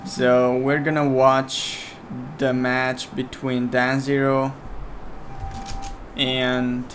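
A man's voice: medium pitch, monotone, drawn-out words, a little hiss or hum. A man whose first language is Romanian, casually commentating a strategy game match with a friend, chatty and getting heated when he argues.

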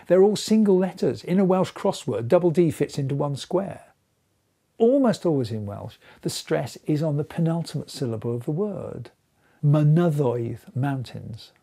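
A man's voice: fairly high pitch, vocal fry, mellow, slightly rough. A man in his seventies, a letter carver, explaining his craft in a thoughtful documentary interview with small restarts. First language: English. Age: 70s.

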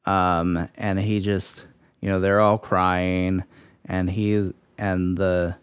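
A man co-hosting a podcast, slowly recapping a film plot in a halting way with fillers. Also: sits low, flat delivery, clear, resonant tone, dry recording. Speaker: podcast co-host. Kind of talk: casual film discussion.

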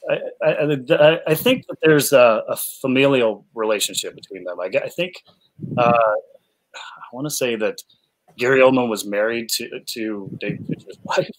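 A man at an ordinary middle pitch, telling lively film-set stories. He speaks in a casual, enthusiastic way, full of "uh"s and quick restarts. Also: rough recording. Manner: enthusiastic storyteller, many fillers and restarts. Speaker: actor guest. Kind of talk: casual chat, animated anecdotes.

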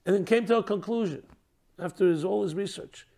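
A man speaking as a rabbi in a reflective teaching talk, posing rhetorical questions and trailing off softly at the ends of phrases. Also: high voice, a little fast, creaky.

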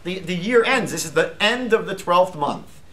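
A man teaching a live class as a rabbi, lively and chatty, posing questions to the group. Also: sits high, moderate pace. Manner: lively, asks the class questions, jokes lightly.

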